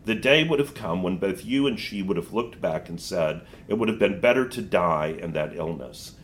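A man reading a storybook aloud and voicing a solemn, gentle lion who speaks softly to a child. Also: sits low, animated, a little hiss or hum. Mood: grave. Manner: slow, grave, soft-spoken.

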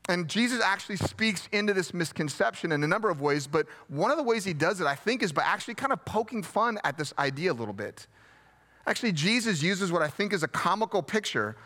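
A man preaching a sermon as pastor, conversational and gently self-deprecating, repeating key phrases for emphasis. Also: high voice, expressive, fast talker.

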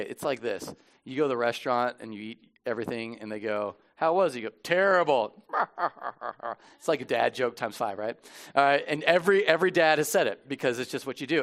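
A middle-aged man preaching a sermon as pastor, chatty and self-deprecating, with many restarts, turning quiet and solemn for communion. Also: a little high. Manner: conversational, self-deprecating, with frequent restarts and fillers.

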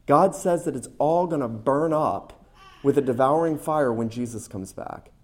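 A man delivering an emphatic sermon to his congregation. He speaks earnestly and comes back again and again to his main phrases. His voice sits at an everyday middle pitch. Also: normal speed. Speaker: pastor.

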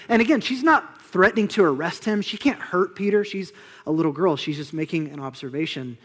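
A young man preaching a sermon, conversational and animated, acting out the people in the story and dropping to a hush for solemn moments. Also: sits high, fairly quick. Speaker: pastor.

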